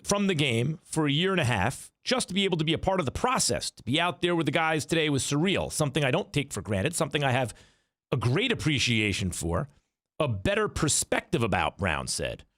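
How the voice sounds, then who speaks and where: Lively, argumentative sports talk man. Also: on the high side, a little fast, no room sound, clean studio sound. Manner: argumentative, rhetorical questions, animated delivery. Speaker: sports talk radio host.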